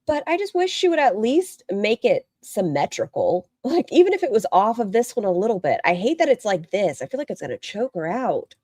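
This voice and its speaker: A woman's voice: medium pitch, big pitch swings, fairly quick, few pauses, darkish tone, no echo. Chatty woman streamer, dry close sound. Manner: chatty, rambling, talks to chat directly. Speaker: streamer reacting to videos. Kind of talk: casual reaction commentary.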